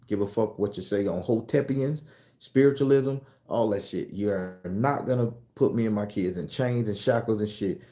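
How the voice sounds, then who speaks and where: A man's voice: on the low side, normal speed, mellow. A man from the United States ranting bluntly and profanely in a casual monologue, working himself up as he goes. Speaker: commentator.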